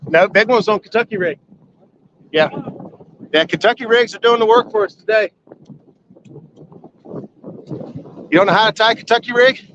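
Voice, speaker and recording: A high-voiced man chats casually to his live audience from a fishing boat on the river. He is folksy and excitable, quick to whoop. The sound is dull and lo-fi, with a faint hum of boat and water behind him. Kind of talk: casual live-stream chat. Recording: lo-fi outdoor stream with boat noise.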